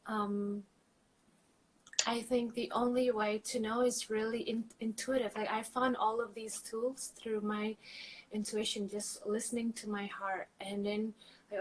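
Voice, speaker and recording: A woman's voice: on the high side, level tone, unhurried, poor audio. Woman coach chatting on a podcast, lots of ums, bit of noise behind. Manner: chatty, laughs often, many fillers. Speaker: guest, trauma coach. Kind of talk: casual podcast conversation.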